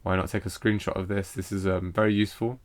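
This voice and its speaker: Man, very low voice, teaching a poetry lesson, hesitant, many fillers. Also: level tone. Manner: hesitant, lots of fillers and restarts; reads poetry lines aloud slowly with stress. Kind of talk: recorded lesson explaining a poem.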